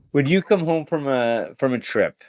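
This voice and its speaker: A man's voice: mid-range voice, a little mellow, no echo. A man hosting a casual podcast interview, asking jokey, playful questions. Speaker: podcast host.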